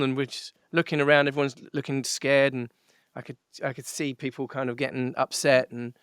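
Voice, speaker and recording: A middle-aged man, a musician guest, telling a story in an interview with animated delivery, frequent laughs and many fillers and restarts. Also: medium pitch, fairly quick, clear, resonant tone, no room sound, clean studio sound.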